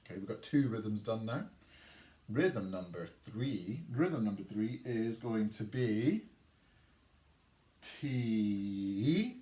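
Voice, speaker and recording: A man teaching an online music lesson to young children, his voice swinging up and down as he chants rhythms. He speaks slowly and patiently. The room is echoey with a faint background hiss. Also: on the low side. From England. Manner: sings out rhythm words, lively and encouraging.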